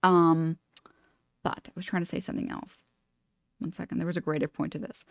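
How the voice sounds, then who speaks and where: A woman's voice: lowish voice, flat delivery, fairly quick, creaky, dry recording, clean studio sound. A woman streamer chatting casually while reacting to a video, rambling with many fillers and restarts. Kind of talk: casual live-stream chat.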